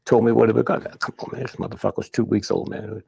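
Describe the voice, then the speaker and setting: An older man, telling stories in an interview with a blunt, profane manner and a husky, gravelly voice. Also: on the low side, fairly even intonation, a little fast, mellow. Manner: blunt, profane, punctuating with "huh?". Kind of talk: candid storytelling interview.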